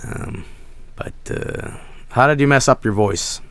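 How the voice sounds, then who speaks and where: Hoarse, gravelly young man streaming. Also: mid-range voice, slow pace, fairly bright tone, dry recording. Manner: rambling, laid-back, many fillers. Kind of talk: casual stream chat.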